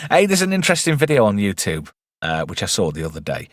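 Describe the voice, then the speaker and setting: A man's voice: fairly low pitch, no room sound, studio quality. A man hosting a casual live film review stream, chatty and wry with rambling asides.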